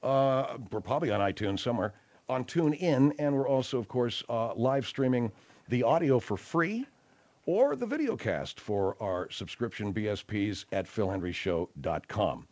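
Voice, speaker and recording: Radio host guy, rambling and slangy, mid pitch, a little muffled. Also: lively intonation, moderate pace, darkish tone. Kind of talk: late-night radio talk show.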